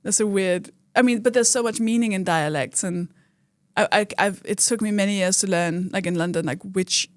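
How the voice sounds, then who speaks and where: A woman's voice: medium pitch, moderate pace, no room sound, studio quality. A woman comedian from Denmark, chatting casually on a podcast and often laughing while she acts out quotes. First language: Danish. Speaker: comedian guest.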